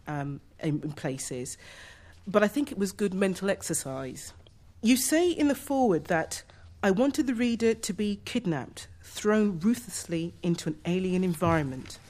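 A woman's voice: lowish voice, darkish tone. A woman from southeast England in the audience, asking a prepared question in an articulate, slightly self-deprecating way.

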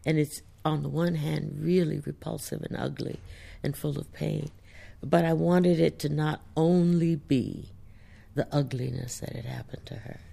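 A woman author answering audience questions in a reflective, thoughtful way, pausing as she searches for words. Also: sits low, fairly even intonation, gravelly, dark tone, slightly rough. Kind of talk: reflective studio talk.

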